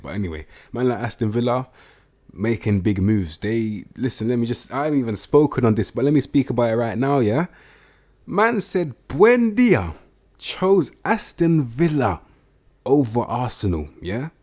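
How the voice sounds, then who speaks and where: A young man talks through a football management game in a casual, slang-heavy way. His voice sits on the low side, and he is blunt and quick to swear. He bursts into excited outbursts now and then. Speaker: gaming YouTuber. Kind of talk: casual video game commentary.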